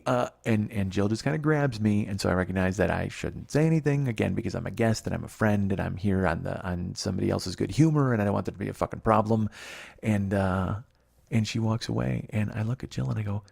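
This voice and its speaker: Gravelly, husky man ranting fast. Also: fairly low pitch, a little mellow. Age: 40s. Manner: profane, worked-up ranting with sarcastic asides. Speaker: podcast host. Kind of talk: solo storytelling rant. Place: basement, speaking quietly so as not to wake others.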